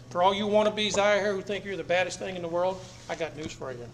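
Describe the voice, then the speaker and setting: Middle-aged male speaker, blunt and insistent, higher-pitched voice, echoey meeting room with faint noise. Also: fast talker. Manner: blunt, emphatic, repeats phrases for effect. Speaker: speaker addressing an audience. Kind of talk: public talk to a live audience. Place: meeting room with seated audience.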